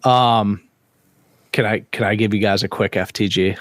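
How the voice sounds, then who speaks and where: Profane, animated man telling a story. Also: fairly low pitch, normal speed, no echo. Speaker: podcast co-host. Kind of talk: casual chat.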